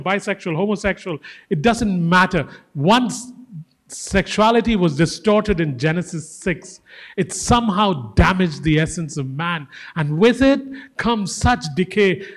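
A man delivers a sermon in a loose, joking way, breaking into acted-out voices. His voice sits a little high and swings widely in pitch as he builds to emphatic points. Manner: joking, animated, acts out voices. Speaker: guest preacher.

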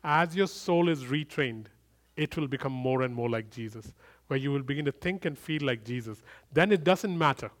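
A middle-aged man preaching a sermon, swinging from loud emphatic bursts to quiet, intimate storytelling. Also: medium pitch, lively intonation, normal speed. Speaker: pastor.

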